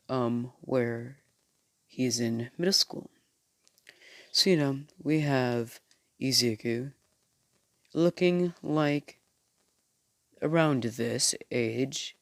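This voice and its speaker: Male storyteller, casual and rambling, slow pace, dry close sound. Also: mid-range voice, gravelly, no room sound. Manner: rambling with many fillers and self-corrections.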